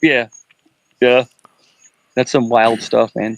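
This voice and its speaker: A man from Queens, New York chatting casually on a live stream, rambling and repeating himself with animated energy. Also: mid-range voice, normal speed, rough recording.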